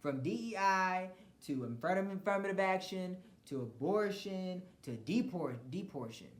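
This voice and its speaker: Speaking at a moderate pace in an animated, high voice, a man rants bluntly and profanely about politics on his podcast. Mocking laughs and stumbling restarts come often, and the sound echoes around the room.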